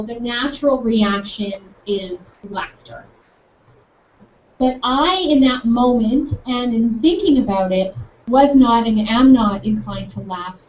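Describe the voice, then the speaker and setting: A young adult woman telling a personal story with enthusiasm, acting out both sides of a conversation. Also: fairly high pitch. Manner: enthusiastic, animated, acts out both sides of the dialogue. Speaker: speaker recounting a campus conversation. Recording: echoey, distant, dull room sound with faint noise.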